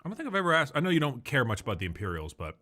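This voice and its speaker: A man's voice: mid-range voice, wildly swooping pitch, racing, pushed and bright, soft background music. A man co-hosting a casual livestream, rambling through stories and reading viewer messages aloud with lots of restarts. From Southern California. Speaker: co-host of a livestream.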